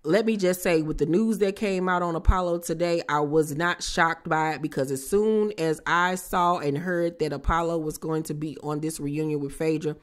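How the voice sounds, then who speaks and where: A woman reviewing a reality TV show on her own channel, talking casually in a sassy, slangy way with playful asides. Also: low-pitched. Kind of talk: casual chat.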